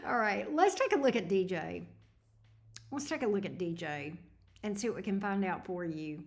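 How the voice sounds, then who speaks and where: A woman's voice: medium pitch, echoey room. A woman giving tarot readings on a livestream, thinking aloud in a hesitant, rambling way. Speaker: tarot reader. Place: home room at a desk.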